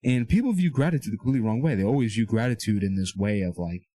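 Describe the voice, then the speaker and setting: Expressive, mellow, and fast with few pauses, a young man's fairly low voice carries a motivational talk about faith and self-improvement. He is a Christian self-improvement speaker in a small whiteboard room, casual yet earnest and coaching, constantly asking listeners "okay?" and "all right?", and the sound has no echo.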